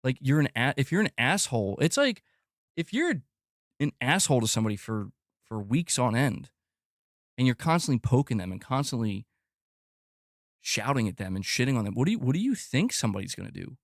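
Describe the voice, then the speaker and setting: A man's voice: big pitch swings, a little fast, no echo, studio quality. Exasperated man ranting on a stream. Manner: exasperated, repetitive, profane, rising pitch when worked up. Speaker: gaming channel host. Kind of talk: livestream rant reading chat.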